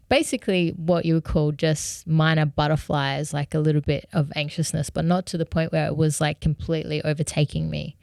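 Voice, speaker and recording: A young woman talks through a personal story in an earnest, candid way, with fillers like "you know" sprinkled throughout. Her voice sits low and sounds smooth and clear. The recording is close and dry, with no room sound. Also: darkish tone, dry recording. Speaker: musician vlogger.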